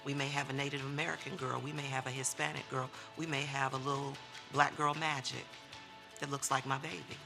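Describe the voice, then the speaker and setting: Gravelly, flat-delivery man, parent, music behind. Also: mid-range voice, brisk. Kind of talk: interview.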